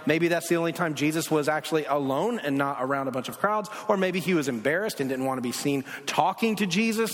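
A man preaching a sermon in a casual, conversational way, full of asides, swinging from loud bursts down to hushed low passages. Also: a little fast, hardly any pauses. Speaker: pastor. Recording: long reverb of a large hall.

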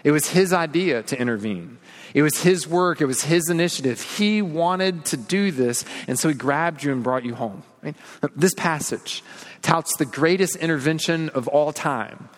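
Pastor guy preaching, earnest and confessional, kinda high voice, long echo like a big sanctuary. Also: lively intonation, normal speed. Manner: earnest, confessional preaching with repeated phrases and rhetorical questions. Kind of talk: sermon.

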